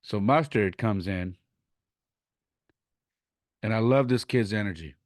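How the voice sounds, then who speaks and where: A man's voice: on the low side, slow, darkish tone, dry recording, clean studio sound. A man hosting his podcast, animatedly telling a story from coaching youth baseball and retelling conversations in his own words.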